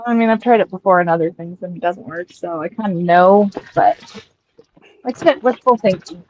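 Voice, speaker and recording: A woman's voice: lowish voice, normal speed, a little mellow. A woman chats easily on her livestream, drawling and teasing her friends. Her audio is dull and lo-fi, with a faint hiss underneath. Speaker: livestream host. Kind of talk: casual stream chat.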